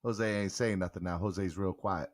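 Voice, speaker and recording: A man's voice: sits low, steady tone, moderate pace. A young man hosting a casual live-stream sports show, playfully coaxing a guest and laughing often. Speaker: podcast host.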